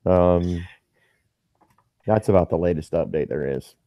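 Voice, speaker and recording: A man's voice: low voice, measured pace, no echo, dull audio. A man in his forties, hosting a casual podcast chat, laid-back with lots of stumbling repeats. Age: 40s.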